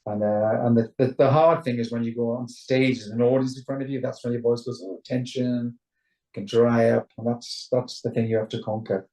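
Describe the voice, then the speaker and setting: A Welsh man talks over a video call, loose and rambling, stumbling through restarts as he explains things. His voice sounds roomy and set back from the mic, middle-pitched and unforced. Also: level tone, a little fast, dark tone, recorded from a distance. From Wales. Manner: chatty, rambling, stammers into restarts, mimics voices. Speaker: rock singer, interview guest. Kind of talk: casual video call interview.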